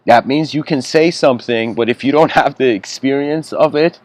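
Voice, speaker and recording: A man's voice: medium pitch, normal speed, a little mellow, dry recording. A man giving a spiritual lecture, telling a story in a casual, conversational way with frequent asides.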